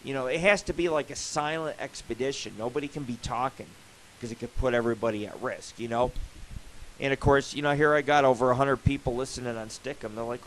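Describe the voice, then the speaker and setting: A male radio host talks in a loose, rambling monologue and swears freely. His voice sits at a middle pitch. A faint hiss runs under the recording. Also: rough recording. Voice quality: profane, rambling storyteller. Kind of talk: casual live radio monologue.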